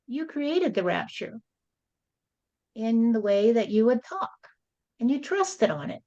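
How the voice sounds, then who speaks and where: A woman's voice: on the high side, lively intonation, slow, long pauses, dark tone, lo-fi sound. A woman channeling a spirit and speaking as God, blunt and lecturing, often adding "you see".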